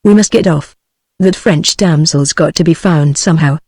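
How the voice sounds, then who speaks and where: A text-to-speech voice of a woman with a British English accent reading the lines of a curt, brisk American man, with no change of voice. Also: low-pitched, breathy edge, no room sound, clean studio sound. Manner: flat synthetic reading of dialogue.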